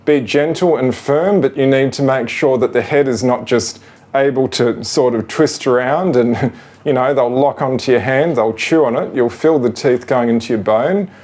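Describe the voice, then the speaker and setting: A man, gently showing how he trains his ferrets, talking patiently and rambling with fillers. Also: medium pitch, normal speed. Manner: gentle, patient, coaxing to the animals; rambling with fillers like "you know" and "sort of". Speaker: ferret owner demonstrating training. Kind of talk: casual how-to demonstration.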